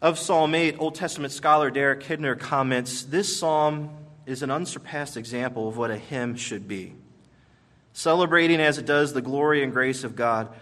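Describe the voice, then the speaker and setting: A man as pastor, delivering a sermon in an emphatic storytelling manner with measured pauses. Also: medium pitch, a bit bright.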